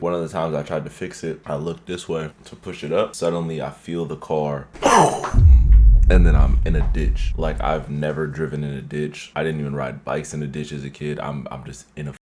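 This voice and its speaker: A man vlogger telling a story in an animated, slangy and profane way. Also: very deep voice, a little hiss or hum. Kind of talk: story-time vlog.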